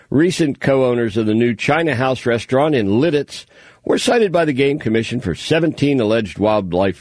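A man's voice: mid-range voice, no room sound. Guy hosting call-in radio, chatty storyteller, dry close studio mic. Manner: chatty, animated storytelling with asides. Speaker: radio talk show host. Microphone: studio microphone.

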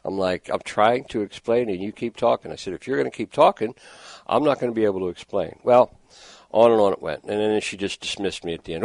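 A man's voice: on the low side, brisk, darkish tone, no room sound. A middle-aged man hosting a call-in fishing radio show, telling a story with exasperation and reading sponsor ads. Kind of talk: casual radio talk. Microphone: studio microphone with headphones.

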